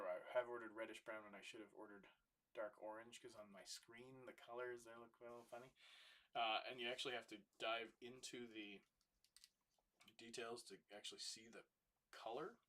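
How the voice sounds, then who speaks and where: A man's voice: medium pitch, sharp tone. A man hosting a livestream while building with Lego, chatting casually, thinking aloud and muttering to himself as he works. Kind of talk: casual rambling livestream chat.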